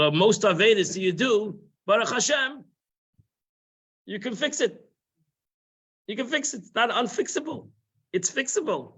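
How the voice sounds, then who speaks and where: High-voiced man teaching a Torah class. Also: fairly bright tone. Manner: conversational, repeats phrases, sprinkles Hebrew and Yiddish terms. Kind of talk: informal religious lesson. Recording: muffled live-stream audio.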